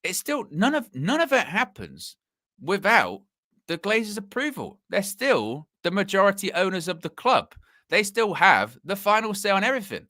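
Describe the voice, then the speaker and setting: Host, man, bright forceful tone, dry close sound, rambling livestream chat. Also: fairly high pitch, no echo. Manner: rambling, animated, full of fillers and restarts. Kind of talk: casual live commentary.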